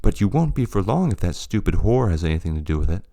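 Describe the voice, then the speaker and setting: A man's voice: low-pitched, sing-song, quick pace, warm tone, dry recording, studio quality. A man voicing a menacing young male figure from the shadows who goads and swears with urgency.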